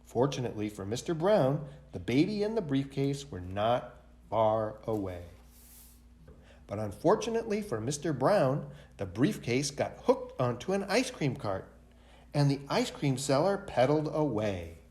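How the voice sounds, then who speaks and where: A man, a library director, reading a picture book aloud for a children's storytime in an expressive way. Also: medium pitch, measured pace.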